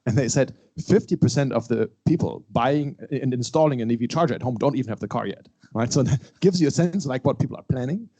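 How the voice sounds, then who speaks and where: A man speaking on a conference panel, brisk and anecdotal. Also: medium pitch, warm tone. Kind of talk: panel discussion.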